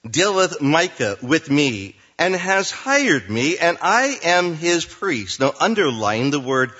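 A male pastor preaching a sermon, reading scripture slowly and then explaining it in plain words. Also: fairly high pitch, very animated, pushed and bright, husky, highs cut off.

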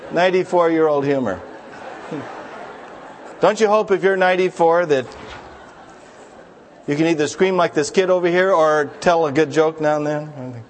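A man's voice: fairly high pitch, a little hiss or hum. A man preaching a sermon as a pastor, telling jokes to the congregation in a folksy storytelling manner. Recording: long hall reverb.

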